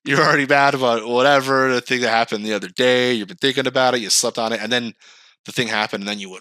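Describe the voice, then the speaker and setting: A man co-hosting a podcast in casual chat, animated and swearing, acting out outbursts. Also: mid-range voice, fast talker, no room sound. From California. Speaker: podcast co-host.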